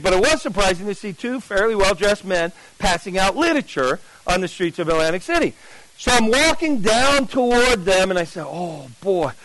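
A man telling his testimony to an audience, conversational and animated, acting out the dialogue with big swings in his voice. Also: high voice, a little hiss or hum, poor audio. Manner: conversational, with fillers and restarts. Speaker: speaker giving a testimony to an audience. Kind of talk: storytelling testimony.

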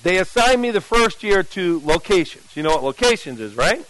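A man's voice: high voice, moderate pace, poor audio. A man from New Jersey, a pastor, preaching a sermon through a personal story and acting out the dialogue. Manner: storytelling, acts out dialogue with lively shifts.

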